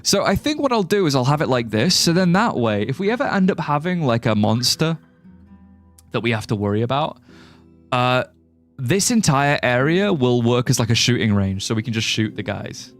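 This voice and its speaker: A man's voice: mid-range voice, sing-song, moderate pace, faint music behind. A young British man streaming a game, rambling and joking casually and swearing as he reads chat aloud. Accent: British English. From United Kingdom. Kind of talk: casual livestream chat while gaming.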